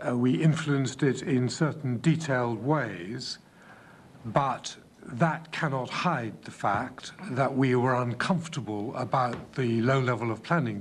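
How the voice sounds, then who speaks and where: Measured man testifying formally. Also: medium pitch, a little hiss or hum. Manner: measured, deliberate, with frequent hesitations. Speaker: inquiry witness.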